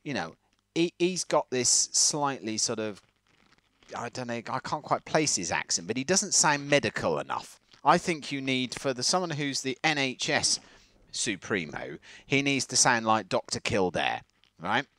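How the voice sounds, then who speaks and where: A man with a slightly plummy southern English accent, co-hosting a casual countryside podcast, talking in an animated, rambling way. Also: mid-range voice, normal speed, no room sound. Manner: animated, rambling, laughs often. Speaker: podcast co-host. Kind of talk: casual chat.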